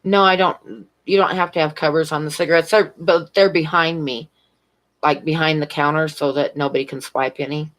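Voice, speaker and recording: A woman's voice: low voice, fairly even intonation, moderate pace, low-quality recording. A woman working as a convenience store clerk, chatting casually on a stream at home and telling stories with frequent laughter. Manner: rambling, chatty storyteller who laughs often. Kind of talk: casual chat on a live stream. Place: at home, near a fish tank.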